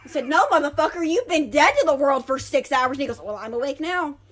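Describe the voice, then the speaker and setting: A woman's voice: sits high, lively intonation, fast talker. A woman in her twenties, a podcast host, telling a rowdy story with lots of swearing. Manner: profane, rowdy, laughing. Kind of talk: loud casual storytelling.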